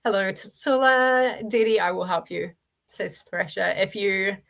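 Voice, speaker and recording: A woman's voice: mid-range voice, unhurried, vocal fry, fairly bright tone. A woman with a New Zealand accent hosting a reading livestream, chatting and laughing as she reads viewer comments aloud. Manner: chatty, laughs often, restarts and fillers while reading chat aloud. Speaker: streamer hosting a reading sprint.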